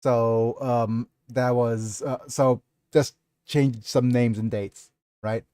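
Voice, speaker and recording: A man talks casually on a livestream about his novel. He is halting and apologetic and unhurried, with lots of fillers. He sounds dry and close to the mic. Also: mid-range voice, flat delivery, mellow, no echo.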